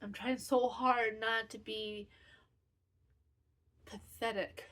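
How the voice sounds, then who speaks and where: A woman's voice: a little high, little pitch movement, slow pace, a bit bright. A woman in her fifties hosting a knitting podcast, talking candidly and self-critically in a rambling, casual way. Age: 50s. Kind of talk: casual personal chat.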